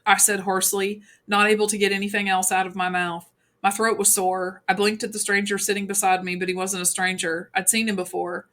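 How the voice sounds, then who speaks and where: Woman audiobook narrator, brisk first-person storytelling. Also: mid-range voice, flat delivery, a bit bright. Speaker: audiobook reader.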